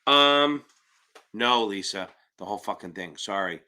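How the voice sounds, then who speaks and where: A man's voice: lowish voice, expressive, unhurried, bright, forceful tone. A man running a live-stream Q&A as an exam prep tutor, talking bluntly, rambling and swearing casually as he answers viewers.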